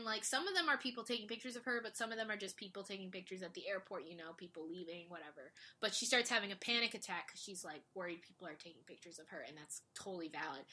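A woman casually recapping a drama series, animated and quick, acting out the characters' lines. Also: medium pitch. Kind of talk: casual chat.

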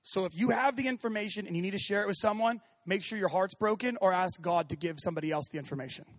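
A man preaching with a high, lively voice that climbs to shouts and drops to near whispers. He acts out quoted voices as he goes. The sound is dry and close. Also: fast talker, no room sound. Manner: animated, swings from shouting to hushed. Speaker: pastor. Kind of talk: sermon.

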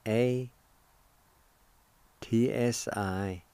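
A man's voice: mid-range voice, fairly even intonation, drawn-out words, warm tone, clear, resonant tone, no echo. A man hosting a radio language lesson, spelling words letter by letter and repeating each syllable with care. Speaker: radio host teaching Cherokee words. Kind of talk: slow, careful language lesson.

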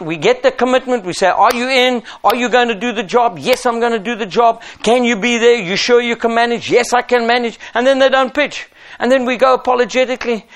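A man's voice: extremely high pitch, fairly quick, hardly any pauses, a bit bright. A middle-aged man preaching a sermon as pastor, emphatic and driving his points home with rhetorical questions.

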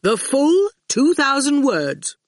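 A woman's voice: high-pitched, sing-song, takes it slowly, dry recording, studio quality, voice pushed up, full character voice. A woman voicing an exasperated, indignant father in a storybook reading. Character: flustered middle-aged father, a writer.

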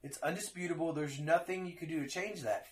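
A man with a voice a bit higher than most tells a story in a loose, profane chat. He acts out the people in it and swears as he goes. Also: a little fast. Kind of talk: casual chat.

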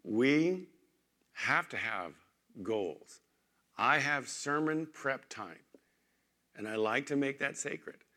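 A man preaching a sermon as pastor, conversational, moving between emphatic points and quiet storytelling in a church. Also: mid-range voice, animated, slow, pauses often.

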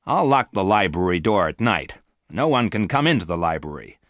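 A man voicing a practical middle-aged father who speaks low and measured. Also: big pitch swings, a bit bright, no room sound, clean studio sound. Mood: musing.

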